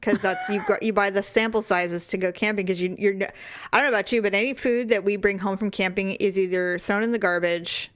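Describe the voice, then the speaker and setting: A woman co-hosting a podcast in casual chat, chiming in with quick reactions and jokes. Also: medium pitch, steady tone, fairly bright tone, no echo, clean studio sound. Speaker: podcast co-host.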